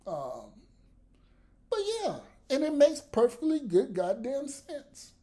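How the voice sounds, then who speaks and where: Male vlogger for an unfiltered rant: mellow tone, swooping lively delivery, blunt and profane. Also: very high-pitched, takes it slowly. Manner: blunt, profane, laughs between points. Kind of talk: profane ranting commentary to camera.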